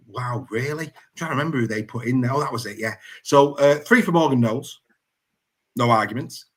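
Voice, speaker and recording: Bright-voiced jokey male show host. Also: medium pitch, slightly rough. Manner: jokey, animated, laughs often. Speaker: podcast host. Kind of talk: casual sports chat.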